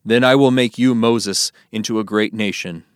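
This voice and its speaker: A man's voice: fairly low pitch, steady tone, moderate pace, dry recording, studio quality, lightly acted. A man voicing God as a stern, wrathful divine figure in a solemn Bible reading.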